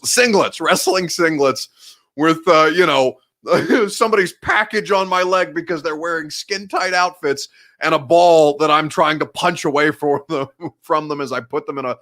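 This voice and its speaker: Rambling, laughing sports show host. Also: male voice, a little high, a bit bright. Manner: rambling, self-mocking, laughs often. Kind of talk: casual live show banter.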